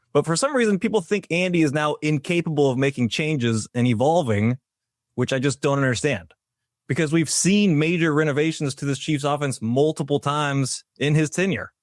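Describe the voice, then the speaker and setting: A man's voice: medium pitch, no echo. A man co-hosting a sports podcast, laying out an argument in a dry, methodical way. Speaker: podcast co-host. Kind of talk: sports opinion monologue.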